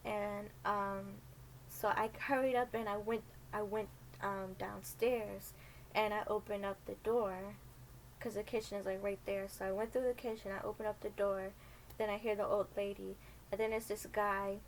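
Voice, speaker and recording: A young woman in her twenties telling a story in loose, rambling chat, full of fillers and restarts. She sits at an ordinary middle pitch and slips into voices for the people in her tale. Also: level tone, normal speed, slight background noise, low-quality recording. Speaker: storytime vlogger. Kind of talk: casual storytelling.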